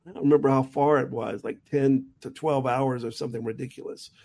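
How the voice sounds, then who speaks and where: A middle-aged touring jazz musician and college teacher, appearing as a guest, casually tells a rambling anecdote in conversation, restarting often. His mid-range voice is steady, creaky, a little mellow, and a little fast.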